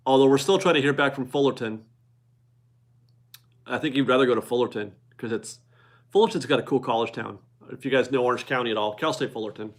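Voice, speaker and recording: A man's voice: a little high, fairly bright tone. A man in his forties hosting a casual live stream from his garage, chatty and upbeat as he reads viewer donations aloud and laughs often. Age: 40s. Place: home garage.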